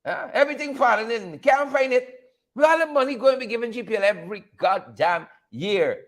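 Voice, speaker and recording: With a very high voice, lively intonation and a brisk delivery, a Guyanese man rants on his live stream. His commentary burns with sarcastic, preachy fire, and he greets viewers as they come in.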